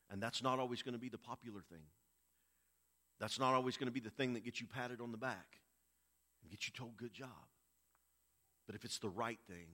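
A man preaching a sermon, swinging between quiet, hushed stretches and loud, raised passages. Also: lowish voice. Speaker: pastor.

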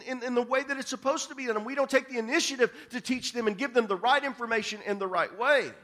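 A pastor with a very high voice preaches a sermon in a conversational tone. He often repeats the first words of his sentences as he starts them, and he swings between hushed asides and loud emphasis.

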